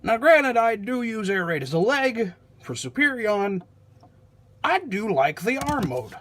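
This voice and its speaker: A man's voice: sits high, very animated, unhurried, a bit bright, no room sound. A man hosting a casual toy review vlog, rambling along with sarcastic, self-deprecating asides.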